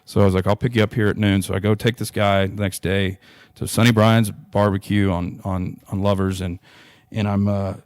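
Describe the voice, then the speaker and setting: A man's voice: on the low side, normal speed, smooth, dry recording, clean studio sound. Earnest man telling a story. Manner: earnest, animated storytelling with many restarts. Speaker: interview guest. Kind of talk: storytelling in a podcast interview.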